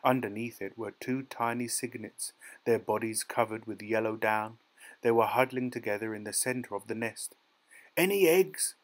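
A man narrating a dark short story as an audiobook, in a measured, dramatic storytelling manner. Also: lowish voice, flat delivery, low-quality recording. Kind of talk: scripted narration.

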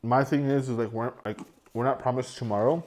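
Guy in his 30s vlogging while eating, rambly, lots of um and like, mid pitch. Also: steady tone, fairly quick, a little mellow, a little hiss or hum. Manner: rambling, repeats words, many fillers. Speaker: mukbang vlogger. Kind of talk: casual talk to camera.

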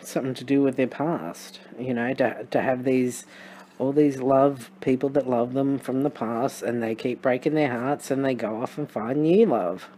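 Australian accent, tarot reader, chatty, musing, wry asides, mid pitch. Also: steady tone, normal speed, warm tone, a little hiss or hum. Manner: thinks aloud with frequent restarts and fillers. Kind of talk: casual tarot reading to camera.

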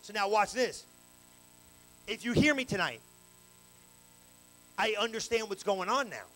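A male pastor preaching a live evening sermon in church on a handheld mic, animated and colloquial with call-and-response. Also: sits high, measured pace, poor audio. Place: church sanctuary, live service. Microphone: handheld microphone.

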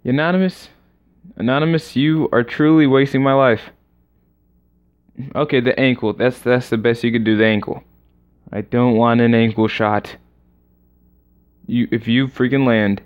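A man's voice: mid-range voice, fairly even intonation, a little slow, long pauses, clear, resonant tone. Exasperated man in muffled gaming commentary. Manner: exasperated, mock-dramatic groaning. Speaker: gamer. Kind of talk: let's-play commentary. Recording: lo-fi muffled recording.

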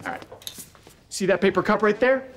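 An actor playing a young, goofy, careless big brother with a loud, excitable way of talking. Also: male voice, high-pitched, moderate pace. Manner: loud, excitable, often shouting. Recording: noisy sitcom audio with studio audience laughter.

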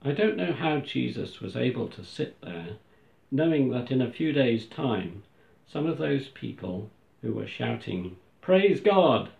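A man reading a scripted first-person reflection at a church service, slow and solemn. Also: medium pitch, expressive, vocal fry, a little mellow. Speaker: church reader. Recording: echoey, dull lo-fi room recording.

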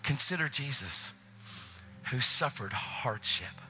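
A man preaching a passionate sermon in a church, often dropping into hushed whispers. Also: medium pitch, expressive, normal speed, pauses often, soft background music. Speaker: guest preacher. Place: church, faint music behind.

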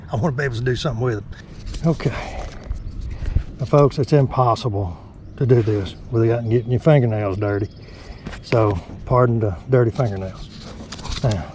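Man, fishing vlog host, soft-spoken, folksy, outdoors by a lake, faint background ambience. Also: mid-range voice, slight background noise. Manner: talks softly and folksy, addressing viewers as folks. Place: outdoors on the bank of a small neighborhood lake.

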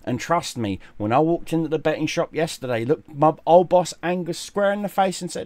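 A man with a fairly high voice rants through fight commentary, swearing freely and scorning the loser. His tone is animated and cutting. The sound is dry and close to the mic. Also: brisk, no echo. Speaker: gaming and boxing commentator.

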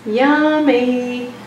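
A woman's voice: sits high, darkish tone, dull audio, slight background noise. A woman hosting a home cooking show, chatty and bubbly as she talks straight to her viewers. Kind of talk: casual cooking demo and taste test. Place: home kitchen. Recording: echoey kitchen, far from mic.

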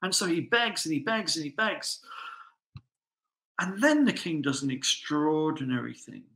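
A man's voice: fairly high pitch, very animated, a little slow, a bit bright. A man preaching a sermon, telling a story with rhetorical questions. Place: church. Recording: echoey church hall.

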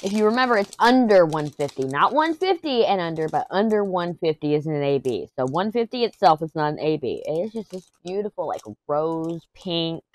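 A woman chatting casually and excitedly through a diamond painting unboxing. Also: fairly low pitch, normal speed, few pauses, no echo. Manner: chatty, excited, hums while working. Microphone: desk mic.

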